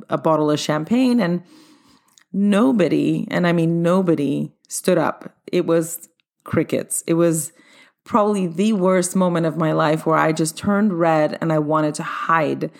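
A woman's voice: on the low side, normal speed. Upbeat woman telling her own story. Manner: upbeat, chatty, addresses listeners directly. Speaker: dance studio owner. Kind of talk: personal storytelling monologue.

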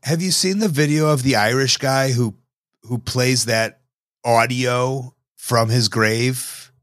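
A man's voice: mid-range voice, takes it slowly, fairly bright tone, no echo, clean studio sound. A man from Illinois chatting casually as a podcast guest, talking in a rambling, wry, reflective way.

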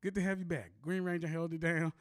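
A man's voice: on the high side, steady tone, fast talker, no room sound, studio quality. A man hosting a casual podcast, talking in loose slang and laughing often. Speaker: podcast host. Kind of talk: casual chat.

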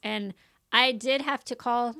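A woman casually telling a story about her daughter, animated and often laughing. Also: a little high, slow. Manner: animated, laughing, acts out quotes.

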